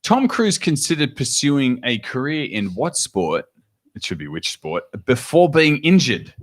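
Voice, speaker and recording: A man's voice: medium pitch, sing-song, unhurried. An Australian man hosting a casual podcast chat, joking and reading out listener comments. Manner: jokey, chatty, reads viewer comments aloud. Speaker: podcast host. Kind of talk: casual live-stream chat.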